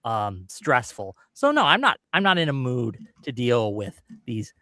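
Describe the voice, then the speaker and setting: A man's voice: medium pitch, very animated, a little slow, pushed and bright, no echo, studio quality. A man in a live stream debate talking in a sarcastic, combative way.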